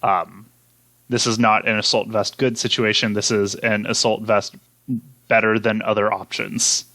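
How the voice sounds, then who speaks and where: A man's voice: lowish voice, flat delivery, unhurried, sharp tone, no room sound. A man hosting a casual chat, going through poll results in an easygoing way with fillers and small laughs. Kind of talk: casual chat about game data.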